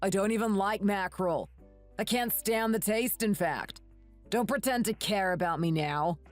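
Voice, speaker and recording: A rude, ungrateful grown son snaps at his mother with contempt, voiced by a woman. The mid-pitched voice has a synthetic, even read. Faint music sits underneath. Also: normal speed, lightly acted. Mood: irritated. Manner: snappish, contemptuous.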